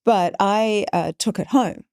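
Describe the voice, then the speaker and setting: A woman's voice: mid-range voice, measured pace, dry recording, clean studio sound. A woman, a podcast guest telling a story in conversation and acting out the people she quotes. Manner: animated, acts out quoted voices.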